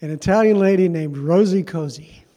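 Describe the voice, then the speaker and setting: A man's voice: high voice, normal speed, dark tone. A man preaching a sermon as pastor, telling a story in a conversational, self-deprecating way.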